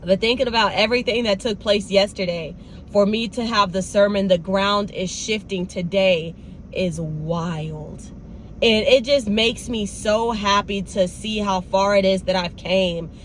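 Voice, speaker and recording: This is a young woman speaking, vlogging in a casual, animated way and addressing her audience directly. Her voice sits at a middling pitch for a woman. A faint noise runs under the recording. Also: moderate pace. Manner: animated, talks straight to viewers with "y'all" and "baby". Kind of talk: casual vlog talk.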